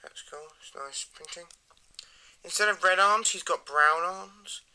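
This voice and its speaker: A man giving a rambling, enthusiastic casual toy review that often trails off into quiet mumbles. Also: high-pitched, measured pace.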